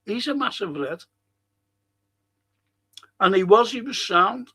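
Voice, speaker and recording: A man's voice: high voice, animated, slow pace, sharp tone, husky. An older man with a Liverpool accent, hosting a football podcast in a casual, rambling live-stream chat, swearing freely and reading out viewers' comments. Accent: Liverpool (Scouse). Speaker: podcast host.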